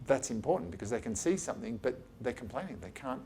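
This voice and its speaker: A gravelly-voiced man lectures colleagues in his office in a loose, chatty way. He is blunt and swears casually, acting out what patients say to him. Faint music sits behind his voice. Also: mid-range voice, sing-song, quick pace, darkish tone. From Australia. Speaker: eye surgeon giving a talk. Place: his office, talking to a small group.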